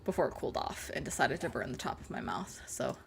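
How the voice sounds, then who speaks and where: Playful gravelly woman streamer. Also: very deep voice, big pitch swings, fast, a little hiss or hum. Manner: playful, sarcastic, innuendo jokes. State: burnt mouth. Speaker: livestream gamer host. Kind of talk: casual live-stream chat with viewers.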